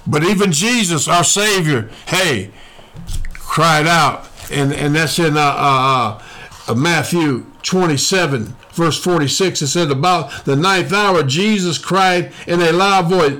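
Guy preaching, high voice, keeps going "come on somebody". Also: slow pace, bright, forceful tone. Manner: call-and-response preaching, repeats lines. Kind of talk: sermon.

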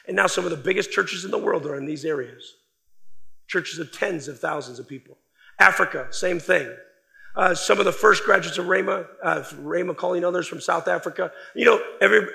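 Gravelly, bright-voiced male preacher. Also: high-pitched. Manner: emphatic, swings from loud stresses to quiet trailing phrases. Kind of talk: sermon.

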